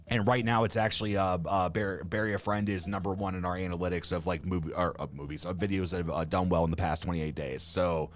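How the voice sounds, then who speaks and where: A man's voice: low-pitched, steady tone, fast, few pauses. A man co-hosting a casual live stream, rambling with lots of fillers and frequent laughs. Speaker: co-host of a music reaction channel. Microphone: studio microphone.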